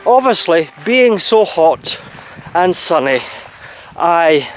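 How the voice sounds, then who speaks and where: A man's voice: a little high, very animated, takes it slowly, a little hiss or hum. A Scottish man chatting casually on a holiday vlog, rambling through his story of the day. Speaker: vlog host. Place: outdoors by a boat.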